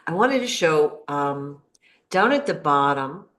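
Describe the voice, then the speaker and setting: A woman with a notably low-pitched voice hosts a relaxed interview. She backs up her guest with frequent yeahs and talks viewers through what she shows. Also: takes it slowly. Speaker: interview host. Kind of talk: casual interview talk.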